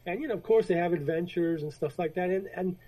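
A man's voice: high voice, fast, mellow, rough recording. A man co-hosting a casual podcast, telling a story in a rambling way with many restarts and acted-out quotes. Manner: rambling, retells stories with quoted voices. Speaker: podcast co-host. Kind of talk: casual chat about comics.

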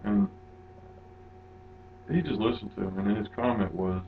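A man co-hosting a podcast, chatting casually and laughing often in a relaxed, rambling way. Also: fairly low pitch, a little fast, pauses often, narrow, tinny audio, slight background noise. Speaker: podcast co-host. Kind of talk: casual chat.

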